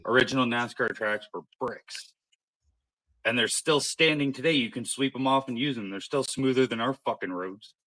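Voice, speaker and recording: A man's voice: mid-range voice, moderate pace, sharp tone, rough recording. A Canadian man telling a rambling story in casual chat, swearing now and then.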